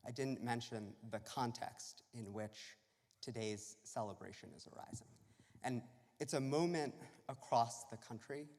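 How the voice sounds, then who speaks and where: A man giving an earnest, measured speech at a celebration, with some fillers. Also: on the low side, darkish tone. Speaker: state civil rights official. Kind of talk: public speech. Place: church. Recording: reverberant church hall.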